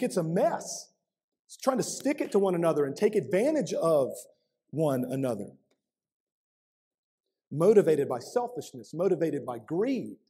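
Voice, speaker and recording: A man preaching from the pulpit in a slightly raised, husky voice with a warm, mellow tone. He presses his points with repeated rhetorical questions, swinging from forceful appeals to quieter, earnest asides. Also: high voice. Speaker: pastor. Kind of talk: sermon. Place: church.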